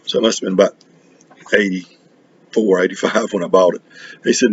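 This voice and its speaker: A middle-aged man from North Carolina, chatting casually on his record vlog in a halting, rambling way full of restarts. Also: sits low, steady tone, slightly rough, highs cut off. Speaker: record collecting vlogger. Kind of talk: casual chat.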